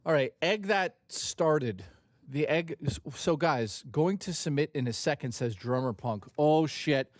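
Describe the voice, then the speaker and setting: A male gaming streamer whose slightly high voice swings widely in pitch as he banters and jokes with chat. The sound is dry and close, with no room around it. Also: measured pace, no room sound. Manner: animated, profane, joking with chat. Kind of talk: casual live-stream chat.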